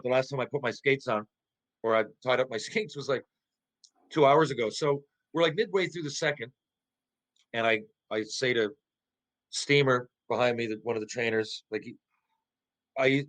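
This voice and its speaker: A man's voice: normal speed, pauses often, low-quality recording. A middle-aged man tells a rambling, salty story in an easy podcast chat. His voice sits in an ordinary middle range, and he stumbles and restarts as he goes. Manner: lively, profane, stumbling restarts, jumps into high voices for quotes. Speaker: podcast guest, former pro hockey player. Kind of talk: casual storytelling anecdote.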